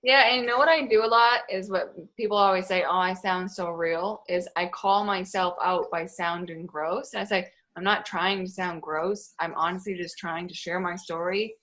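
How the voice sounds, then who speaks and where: A woman's voice: on the low side, fairly even intonation, moderate pace, few pauses, fairly bright tone. A woman coach on a casual group call, speaking in an enthusiastic, affirming way.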